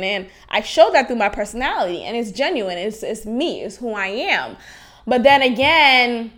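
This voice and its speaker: A woman's voice: on the high side, lively intonation, a little slow, fairly bright tone. A young woman from Haiti hosting a podcast, talking frankly and animatedly about her life, laughing often and swearing freely. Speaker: podcast host. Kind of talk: candid personal podcast monologue.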